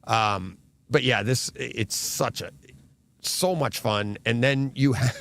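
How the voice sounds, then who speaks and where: A man's voice: mid-range voice, slow pace, gravelly. A man co-hosting a podcast, chatting casually with lots of fillers and laughs. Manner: animated, laughing, rambling with fillers. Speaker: podcast co-host. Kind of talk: casual chat.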